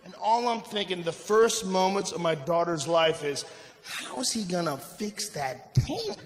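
A middle-aged man performing a stand-up comedy routine, telling a loud, profane story with lots of shouting. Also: sits high, expressive, a little slow, a crowd in the background. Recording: echoey venue with audience noise.

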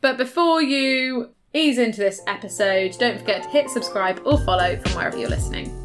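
A woman's voice: fairly high pitch, brisk, soft background music. A woman hosting a podcast in casual, chatty talk, laughing often as she tells stories. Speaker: podcast host.

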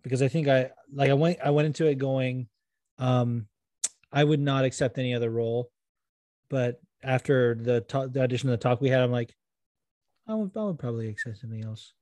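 A man's voice: mid-range voice, little pitch movement, normal speed, darkish tone, dry recording. A man co-hosting a podcast, joking and swearing in casual chat. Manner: joking, swearing, mock-boastful voices in quotes. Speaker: podcast co-host.

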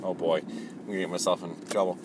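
A man's voice: low voice, little pitch movement, a little fast, noisy background. A man hosting a Christian podcast, speaking in a rambling, hesitant, casual monologue full of fillers and restarts.

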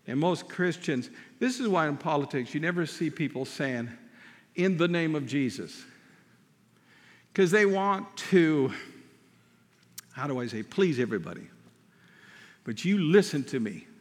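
Male pastor, high and very lively pitch, emphatic sermon delivery, long hall reverb. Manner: emphatic preaching, slows and drops to a hush for stress.

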